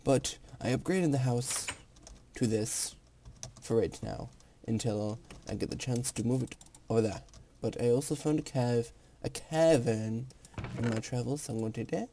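A young man giving casual let's play commentary while gaming, excitable, swearing and gasping. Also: mid-range voice, vocal fry, slight background noise. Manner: excitable, swears, gasps and sings jokingly. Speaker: gamer.

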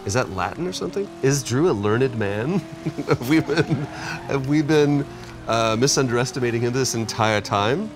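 A man's voice: medium pitch, animated, moderate pace, noisy background. A man in his forties co-hosting a casual video game chat, joking and teasing playfully. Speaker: co-host.

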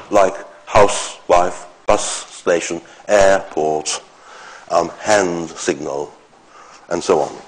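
A man giving an academic lecture, explaining step by step in short phrases with pauses. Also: lowish voice, poor audio.

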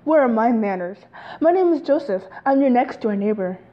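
Woman voicing a friendly clean-cut neighbor dad, upbeat, pitched higher than her usual, dull lo-fi sound. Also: expressive, moderate pace, close to an everyday voice. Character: cheerful clean-cut dad neighbor, male, middle-aged.

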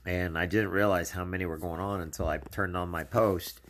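A man's voice: low voice, fairly even intonation, moderate pace, a bit bright, a little hiss or hum. A man hosting a casual live video message, talking earnestly to encourage and console his viewers. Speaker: channel host.

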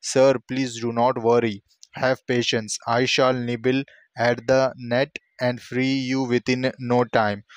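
A man's voice: mid-range voice, flat delivery, takes it slowly, no echo, highs cut off, natural voice. A man reading the lines of a small, timid male mouse in a storybook, polite and pleading. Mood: reassuring.

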